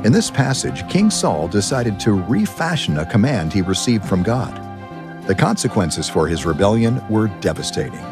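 A man reading a scripted radio introduction in a measured announcing manner. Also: on the low side, big pitch swings. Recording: music bed under the voice.

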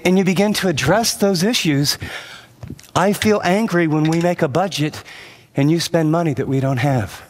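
In a large church auditorium with long hall reverb, a middle-aged pastor preaches a sermon. He earnestly recounts a story from his marriage, then exhorts with mounting intensity, his pitch rising as he does.

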